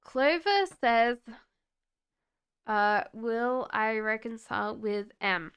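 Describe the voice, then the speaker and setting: Unhurried, smooth-voiced woman reading tarot. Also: fairly high pitch. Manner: relaxed and chatty, reassuring, with frequent fillers. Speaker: tarot reader. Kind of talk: live-stream tarot reading for chat viewers.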